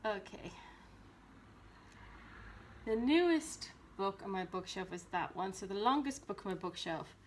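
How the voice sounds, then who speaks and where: A woman's voice: medium pitch, expressive, measured pace, pauses often, slight background noise. A woman chatting casually about her books at home by her shelves, talking in a rambling way with many ums and restarts. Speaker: book vlogger. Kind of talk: casual chat.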